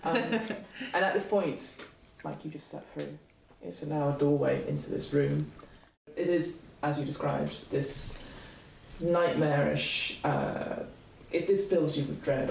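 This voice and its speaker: Woman, game master, halting narration, gravelly, distant, echoey room. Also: low voice, expressive, darkish tone, a little hiss or hum. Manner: halting, searching for words, many fillers. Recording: echoey room, far from mic.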